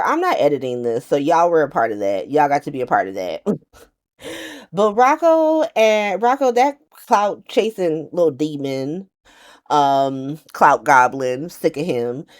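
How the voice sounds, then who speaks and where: A woman giving a casual, slangy recap to camera, animated and profane, often laughing and slipping into quick playful voices. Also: low-pitched. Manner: does quick playful voices for quoted characters. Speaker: soap opera recap vlogger.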